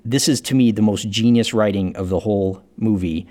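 A man's voice: on the low side, brisk, mellow. A man co-hosting a podcast, joking in a laid-back way while going through his notes on a film. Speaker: podcast co-host. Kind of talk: casual movie review chat.

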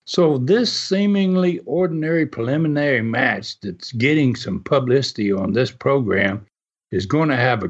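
Guy chuckling his way through old wrestling tales, lots of uh and you know, muffled sound. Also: mid-range voice. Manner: rambling, many fillers and chuckles. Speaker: wrestling history storyteller. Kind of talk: casual storytelling. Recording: dull lo-fi sound.

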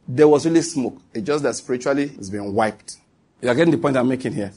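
A male preacher with a husky, breathy voice at a middle pitch delivers a sermon. He presses his points through repetition and keeps asking his listeners whether they follow. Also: quick pace, dark tone. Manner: emphatic and repetitive, with asides to the listeners. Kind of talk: sermon to a congregation.

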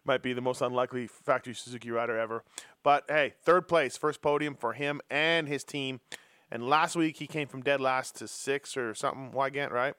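A man hosts a casual racing podcast and keeps teasing his co-hosts. His voice is mid-pitched. The sound is dry and close. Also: fairly even intonation, normal speed, fairly bright tone, clean tone, dry recording. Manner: joking, teasing. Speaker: host.

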